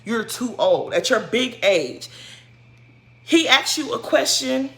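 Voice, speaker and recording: Sassy woman with a bright voice. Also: a little high, slow. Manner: sassy, scolding, animated slang. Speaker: show commentator. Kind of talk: casual reality-show recap.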